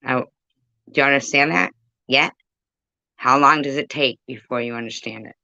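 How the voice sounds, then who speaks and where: A woman's voice: extremely low pitch, fairly even intonation, moderate pace, sharp tone, no echo, dull audio. A woman ranting profanely and confrontationally on a phone livestream, rambling and chatting with her viewers. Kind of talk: livestream rant.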